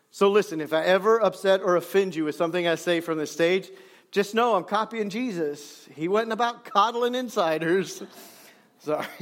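A high-voiced man preaching a sermon from the stage in an easy, conversational way. He pokes fun at himself and drags out key phrases slowly for emphasis. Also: fairly bright tone. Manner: conversational preaching, self-deprecating humor, emphatic slowdowns. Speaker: pastor. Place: church stage.

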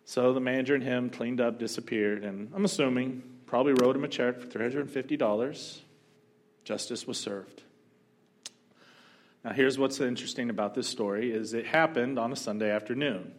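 A man's voice: mid-range voice, normal speed. Man preaching a storytelling sermon. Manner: storytelling, animated, humorous asides. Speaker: pastor.

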